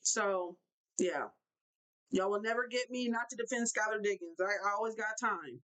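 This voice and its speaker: A young woman hosting a live basketball talk show, ranting in an animated way and repeating herself for emphasis. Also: mid-range voice, normal speed, low-quality recording. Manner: animated, repetitive, fired-up ranting. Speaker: show host.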